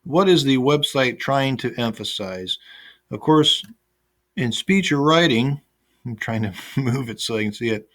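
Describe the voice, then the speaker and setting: Guy teaching an online class, mid-pitched voice, laid back, lots of uhs and restarts, recorded at his computer. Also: fairly bright tone. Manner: casual and conversational, with frequent fillers and restarts. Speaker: instructor. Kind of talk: recorded online lecture with screen share.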